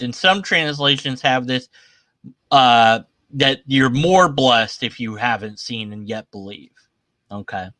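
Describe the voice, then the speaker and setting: A man's voice: medium pitch, expressive, slow, pushed and bright, no echo. A man giving casual, sarcastic commentary as he reads scripture aloud at his computer. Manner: sarcastic, irreverent. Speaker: atheist commentator. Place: at his computer sharing his screen.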